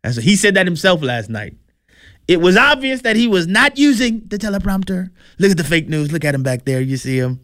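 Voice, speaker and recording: A man's voice: high voice, big pitch swings, a little fast, fairly bright tone, dry recording, studio quality. A man hosting opinionated political commentary in a chatty, wry way, sometimes tripping over words.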